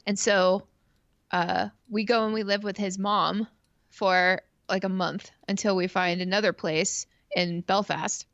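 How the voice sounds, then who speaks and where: A woman's voice: medium pitch, fairly even intonation, unhurried, a bit bright, no room sound, dull audio. A woman from Canada telling a long personal story in casual chat, rambling with lots of fillers and swearing freely. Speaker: stream co-host.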